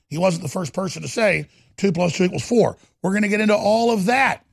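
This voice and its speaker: A man hosting a talk radio show, delivering a heated, ranting monologue that swings between loud and quiet. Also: high-pitched, a little fast, gravelly, no room sound, clean studio sound.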